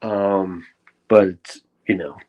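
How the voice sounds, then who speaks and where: A man's voice: low-pitched, steady tone, takes it slowly, a little mellow, highs cut off. A man hosting a livestream, talking in a rambling, profane way with frequent restarts. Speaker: livestream host. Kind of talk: casual livestream rant.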